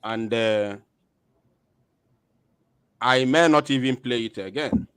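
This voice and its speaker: A man's voice: medium pitch, takes it slowly, a bit bright, smooth, no echo. A man hosting an online show, commenting hesitantly with many fillers and rhetorical questions.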